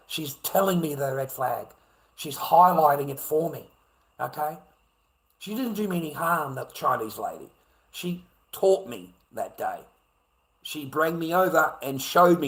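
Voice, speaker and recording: Australian man, profane repetitive livestream rant, slightly high voice. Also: low-quality recording. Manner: swearing, repetitive, swings from muttering to shouting. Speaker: livestream ranter.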